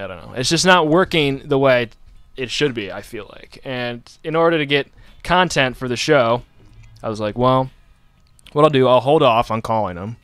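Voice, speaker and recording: A man hosts a laid-back radio show, rambling and joking and restarting his sentences. His voice is smooth and clear, and the sound is close and dry. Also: mid-range voice, a bit bright, no room sound. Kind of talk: casual chat.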